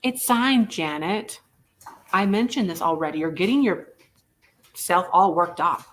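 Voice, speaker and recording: A woman running a live vintage auction, chatty and full of jokes. Her voice sits a little low for a woman, and she bounces from bids to banter. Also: expressive, unhurried, fairly bright tone, a little hiss or hum. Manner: playful, joking, chatty. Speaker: live sale host. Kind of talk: live online auction selling.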